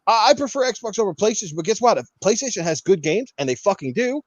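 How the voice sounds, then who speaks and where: A man's voice: sits high, big pitch swings, fast, no room sound. A man hosting a podcast, ranting with heavy profanity and mocking the people he argues against. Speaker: podcast host. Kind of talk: heated casual podcast rant.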